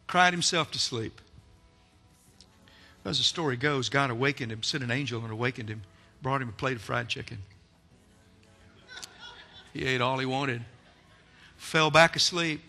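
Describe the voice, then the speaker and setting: A man preaching a sermon in a church, telling a story dramatically, acting out characters and swinging from loud to soft. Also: medium pitch, normal speed, pauses often, faint music behind.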